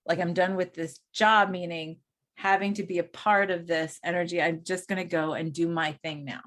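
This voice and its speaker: A woman's voice: lowish voice, fairly even intonation, normal speed, fairly bright tone. A middle-aged woman co-hosting a spiritual podcast, talking casually and musing aloud with many restarts. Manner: rambling, restarts thoughts, muses aloud. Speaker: podcast co-host and coach.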